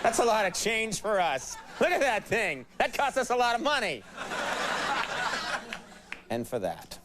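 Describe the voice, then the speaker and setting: A man hosting a late-night talk show, wry and teasing, in a studio before a live audience. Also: high voice. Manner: quick, wry, deadpan-teasing. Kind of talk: comedy monologue and sketch banter. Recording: studio audience and background noise.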